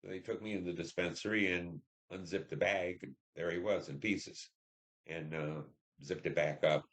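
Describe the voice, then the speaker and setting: Very deep-voiced older veteran man. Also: fairly even intonation. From Detroit, Michigan. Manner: halting, reflective storytelling with many fillers. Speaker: Vietnam veteran interviewee. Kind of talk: oral history interview.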